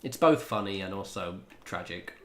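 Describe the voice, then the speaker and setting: A man's voice: low voice, expressive, moderate pace, slight background noise. A man chatting casually to his viewers while he plays a game on a livestream, laid-back, laughing often and swearing freely. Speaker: game streamer.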